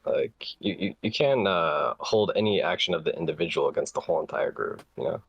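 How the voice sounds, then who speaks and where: A man's voice: low voice, brisk, creaky, husky, dry recording, highs cut off. A man chatting as a player in a tabletop game, with a dry, sarcastic manner. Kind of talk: casual chat at a tabletop game.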